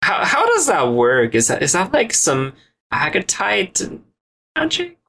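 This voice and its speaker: A man's voice: high voice, wildly swooping pitch, measured pace, vocal fry, sharp tone, slightly rough, voice pushed up, heavily acted. A man voicing a flustered, nervous character who stammers and is eager to please.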